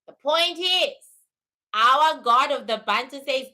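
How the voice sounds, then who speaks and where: A woman talks on a livestream in a bright, forceful voice, pitched a bit high for a woman. She reads out viewer questions and comments. She repeats her key phrases for emphasis. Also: animated, takes it slowly. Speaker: spiritual livestream host. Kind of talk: live-stream talk answering viewer questions.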